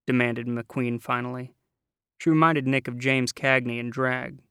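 Gravelly, dry-voiced male narrator. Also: medium pitch, little pitch movement, measured pace, a bit bright, dry recording. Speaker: audiobook narrator. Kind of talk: scripted narration.

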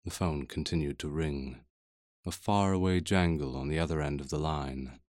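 A male narrator reads a first-person novel in a measured, brooding and introspective tone. His voice sits extremely low. The recording is close and dry, with no room sound. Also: fairly even intonation, a little mellow, dry recording. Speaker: audiobook narrator.

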